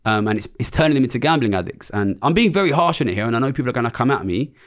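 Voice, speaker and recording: A man's voice: medium pitch, lively intonation, rapid-fire. A man, a former trader giving an interview in a blunt, passionate, sweary way. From England. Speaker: economist and former trader, guest.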